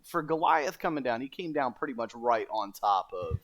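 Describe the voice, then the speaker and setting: A man's voice: mid-range voice, animated, normal speed, over a noisy crowd. A man in casual voice chat telling a funny game moment, chuckling as he goes. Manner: amused, laughs through his own story.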